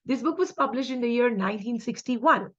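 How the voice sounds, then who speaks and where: With an Indian English accent, a woman runs a chatty, upbeat quiz-style exam-prep lesson, slipping in Hindi asides. Her voice is on the high side, lively and a little fast, slightly bright, with lo-fi sound.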